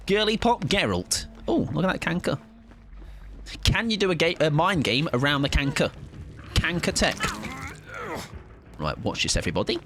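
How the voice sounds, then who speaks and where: A man with a British accent giving animated live gaming commentary, swearing and laughing a lot. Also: on the low side, moderate pace, pauses often. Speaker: streamer. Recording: game music playing under the voice.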